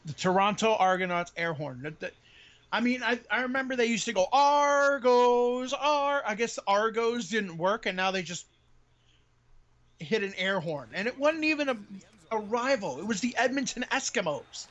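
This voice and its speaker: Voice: medium pitch, expressive, normal speed, fairly bright tone. A podcast co-host in casual live-stream chat, ranting with exasperation and plenty of swearing. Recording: dull lo-fi audio.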